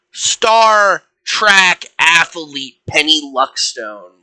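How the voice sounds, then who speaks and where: A man's voice: medium pitch, pushed and bright. A young man streaming, improvising fan fiction in a rambling, playful way that keeps correcting itself. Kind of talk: casual improvised storytelling.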